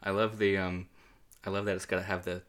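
A man chatting casually as a podcast guest, joking in a dry, deadpan way. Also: low voice, fairly quick, slight background noise. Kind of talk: casual chat.

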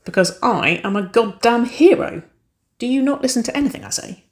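A woman's voice: on the low side, expressive, normal speed, a bit bright. A cheeky young woman firefighter who laughs off her scars with jokes about being a hero, voiced by a woman reading aloud. She teases and grins as she talks, playful and easy in a storybook reading. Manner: cheeky, joking, grinning.

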